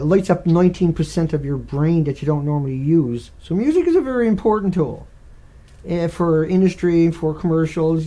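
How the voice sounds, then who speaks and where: Guy with a gravelly slightly high voice rambling on his live stream, lots of restarts. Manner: animated, digressive, many restarts.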